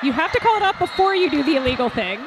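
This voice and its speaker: A woman's voice: high voice, very animated, quick pace, noisy background. A woman commentating a live roller derby bout, chatty and jokey, often laughing at her own puns.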